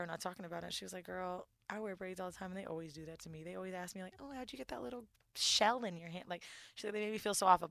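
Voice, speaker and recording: A woman's voice: medium pitch, creaky, bright, forceful tone, no room sound. A young woman co-hosting a podcast, telling an emotional story in candid casual chat, swearing freely and acting out what others said to her. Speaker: podcast co-host.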